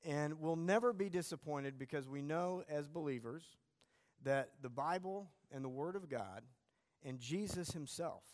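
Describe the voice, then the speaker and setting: A man's voice: fairly high pitch, darkish tone. A man teaching a church class, telling anecdotes in a self-deprecating, conversational way. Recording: long hall reverb.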